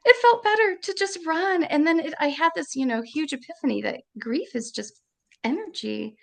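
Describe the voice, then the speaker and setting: A woman being interviewed, telling a painful personal story in an emotional, halting way and repeating her words. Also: sits high, lively intonation, creaky, fairly bright tone. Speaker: interview guest.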